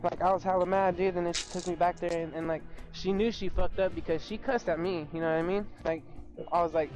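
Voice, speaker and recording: Fast-talking young man ranting. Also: high-pitched, fairly even intonation, darkish tone, lo-fi sound, faint music behind. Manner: swears constantly, rapid ranting retelling. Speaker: fast-food worker telling a story. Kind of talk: casual chat on a live stream.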